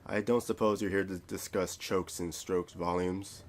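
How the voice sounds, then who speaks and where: A man's voice: sits low, steady tone, normal speed, a little hiss or hum, lightly acted. A man reading the lines of a jovial middle-aged biker who runs a record store, with a French accent.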